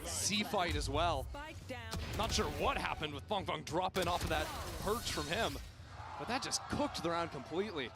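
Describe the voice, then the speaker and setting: A man giving analytical color commentary on an esports match, breaking into hype shouts. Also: fairly high pitch, lively intonation, moderate pace, music in the background. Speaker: esports caster.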